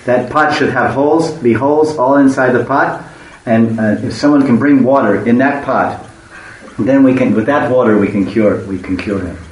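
A man's voice: mid-range voice, normal speed. A man telling a devotional story in a rambling way, restarting often and stopping to explain words. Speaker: religious storyteller. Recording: echoey room, far from the mic, faint hiss.

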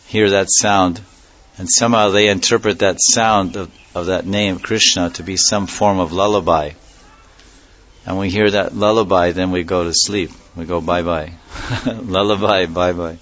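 A man with a very low voice gives a devotional lecture on a dull, lo-fi recording. He speaks reflectively, dwelling on and repeating key words, with a chuckle here and there. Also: fairly even intonation, unhurried, fairly bright tone. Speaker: spiritual teacher.

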